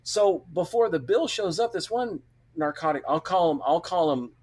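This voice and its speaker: A man's voice: high-pitched, expressive, normal speed, a little mellow, husky. Rambling man telling a story. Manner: rambling storyteller with many restarts and quoted voices. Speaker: podcast guest, police officer. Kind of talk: casual anecdote telling.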